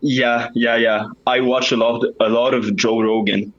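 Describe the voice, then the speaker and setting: Polite young caller, husky and muffled. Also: male voice, medium pitch, level tone, measured pace, fairly bright tone. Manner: polite, brief, agreeable replies. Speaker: caller, engineering student. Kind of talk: casual call-in chat.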